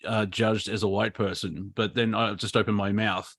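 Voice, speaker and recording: Low-voiced Australian man ranting. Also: level tone, normal speed, fairly bright tone, slightly rough, no echo, clean studio sound. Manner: rambling, ranting, full of fillers and restarts. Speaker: comedy show co-host. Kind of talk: casual comedic chat. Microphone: video call.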